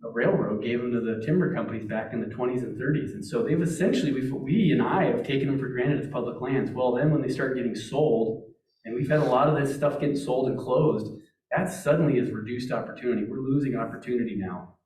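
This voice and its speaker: A man from Montana talks to a meeting audience in a loose, storytelling way, often restarting his sentences. His voice sits at an ordinary pitch. It is picked up from some distance in a roomy hall with a clear echo. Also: fast talker, a little mellow. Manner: conversational storytelling with many restarts. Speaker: wildlife agency speaker. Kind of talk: public talk.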